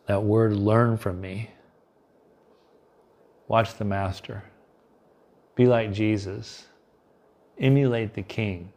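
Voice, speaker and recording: Male preacher, low gravelly voice, earnest devotional sermon, swings between loud and hushed. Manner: earnest, swells loud then drops soft.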